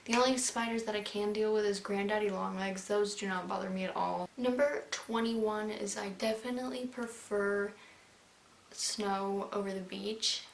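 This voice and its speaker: A woman's voice: mid-range voice, steady tone, moderate pace, creaky. Young woman vlogger, casual and chatty, "like"-heavy delivery; echoey room, light hiss. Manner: chatty, bubbly, fills with "like". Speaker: beauty vlogger. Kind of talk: casual chat to camera. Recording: roomy with faint hiss.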